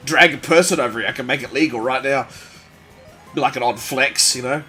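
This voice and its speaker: A man's voice: mid-range voice, normal speed, pauses often, faint music behind. A man chatting casually on a gaming livestream, rambling and joking as he plays. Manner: animated, rambling and jokey. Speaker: gaming streamer.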